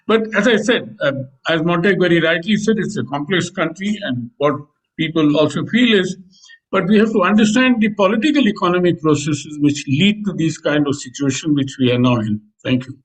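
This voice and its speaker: A man with an Indian English accent speaking on a panel about economic policy, pausing often with fillers. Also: a little high, low-quality recording. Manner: hesitant, many fillers. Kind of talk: panel discussion.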